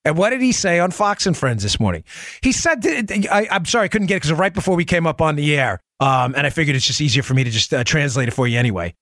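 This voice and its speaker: A man's voice: on the high side, animated, fast, a bit bright, no echo, studio quality. A man hosting a political commentary podcast, speaking emphatically, firing off rhetorical questions and turning to his co-host by name.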